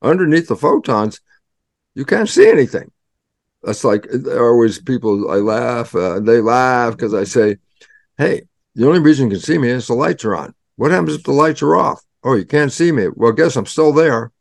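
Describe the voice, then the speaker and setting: An older man appearing as a guest scientist gives a dramatic, animated storytelling explanation, acting out his own conversations. His mid-range voice has some vocal fry and moves at a normal pace, captured on a dry mic with no room sound.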